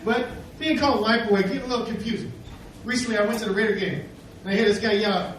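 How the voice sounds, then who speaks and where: A man doing a rambling, self-deprecating stand-up set, swearing often and throwing in quick asides, on a comedy club stage. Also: high voice, fairly even intonation, far from the mic. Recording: echoey club, heard from afar, noisy. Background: audience laughter.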